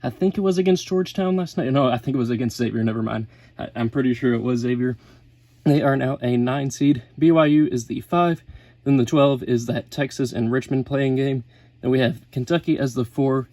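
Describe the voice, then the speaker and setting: A man's voice: mid-range voice, gravelly, dark tone, no room sound. A man in a casual sports vlog, a little out of breath, rattling off lists and correcting himself mid-sentence. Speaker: sports YouTuber. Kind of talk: casual bracket breakdown vlog.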